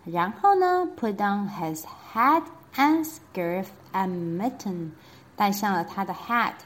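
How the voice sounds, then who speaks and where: A woman storyteller reading a children's picture book aloud in two languages, with a sing-song, animated delivery and asides to the kids. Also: mid-range voice, takes it slowly.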